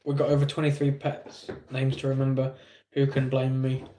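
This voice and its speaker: A man's voice: mid-range voice, monotone, normal speed, warm tone. A man with an English accent streaming live, chatting casually with viewers in a rambling, self-deprecating way.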